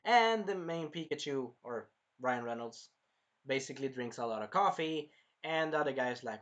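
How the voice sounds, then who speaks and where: A man in his early twenties giving a rambling, casual movie review, jumping between topics with sudden loud outbursts. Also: medium pitch, lively intonation, a little fast. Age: early 20s. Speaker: film reviewer.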